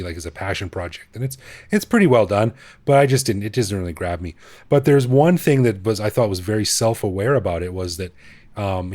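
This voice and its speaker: Brief: male podcast co-host, low voice, relaxed chatty storyteller, dry close mic. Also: no room sound. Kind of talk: casual podcast chat.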